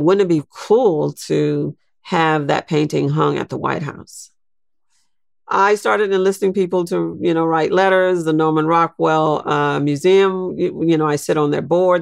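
Older woman with a very gravelly voice. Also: low-pitched, dry recording, clean studio sound. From Louisiana, United States. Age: 60s. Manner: reflective, unhurried, with soft laughs and restarts. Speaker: guest. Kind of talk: personal storytelling in an interview.

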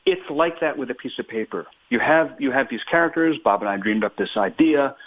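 On a radio show, a male guest author with a medium-pitched voice talks briskly, thinking aloud in an animated way and making lots of small self-corrections. His voice arrives through a narrow, tinny phone line.

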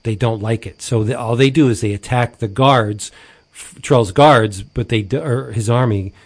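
A man co-hosting a casual comic discussion, enthusiastic and quick to jump in. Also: medium pitch. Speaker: podcast co-host.

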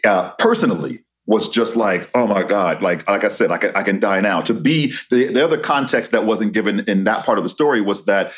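A man's voice: fairly low pitch, brisk, few pauses, fairly bright tone. Reflective male spoken-word poet, interview guest. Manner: reflective, laughs easily, repeats words as he restarts. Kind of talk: interview conversation.

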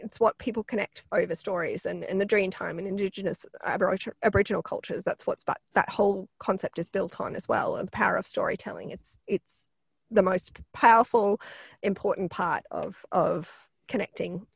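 A woman with a croaky voice, a PR expert chatting as a podcast guest with lots of fillers and restarts. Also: mid-range voice, steady tone, fairly quick, no room sound. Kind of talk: casual podcast interview.

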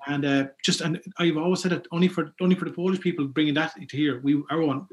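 An Irish man spins folklore stories in a loose, rambling way, circling back and restarting his sentences. His voice sits a little on the high side for a man, and he keeps it lively and animated as he goes. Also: fast. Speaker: folklore collector guest. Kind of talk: casual storytelling chat.

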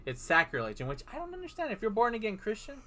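A man's voice: sits high, huge pitch swings, fast talker, sharp tone. A man in casual chat, animatedly retelling a film plot and acting out the characters' lines.

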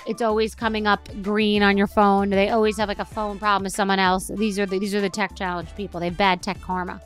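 A woman's voice: medium pitch, little pitch movement, fast talker, faint music behind. A middle-aged woman hosting a podcast, telling a rambling, exasperated story in a solo rant. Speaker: podcast host.

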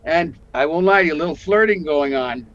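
A man's voice: a little fast, slight background noise. A man in his sixties from Canada, an actor telling stories in a casual interview and acting out the voices of the people he quotes. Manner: animated storyteller, acts out quotes with big pitch jumps. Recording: muffled lo-fi audio.

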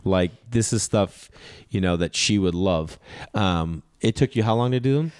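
A man with a low voice telling animated stories in casual chat, jumping in and out of the other people's lines as he goes. The sound is dry and close, with no room echo. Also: moderate pace, clear, resonant tone. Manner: animated storyteller acting out conversations.

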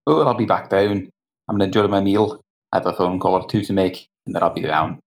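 A man playing his character in a tabletop game, sly and easygoing. His voice sits very low with a gravelly rasp. He speaks at an unhurried pace. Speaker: player.

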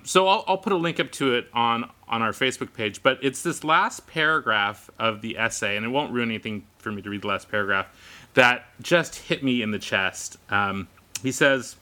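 A man's voice: medium pitch, normal speed. A man co-hosting a podcast, telling stories in casual chat, laughing and acting out what others said. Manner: animated, laughing storyteller who acts out quoted voices. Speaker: podcast co-host.

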